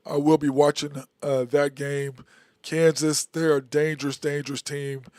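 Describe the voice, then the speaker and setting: A man's voice: on the high side, level tone, measured pace, darkish tone, dry recording, studio quality. A man hosting a solo live-stream sports talk show, casual and rambling, often repeating himself. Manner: casual, conversational. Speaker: host.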